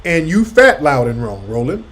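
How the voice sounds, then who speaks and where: A man's voice: a little high, very animated, moderate pace, fairly bright tone. A man hosting a talk show, mocking and arguing back at a clip he plays. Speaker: radio host. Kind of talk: commentary over a played clip.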